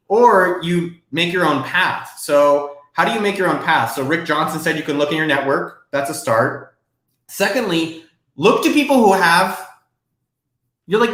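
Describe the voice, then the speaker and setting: A man hosting a live Q&A stream from his desk, talking casually and excitably, with some swearing. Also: on the high side, normal speed, echoey room. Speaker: host.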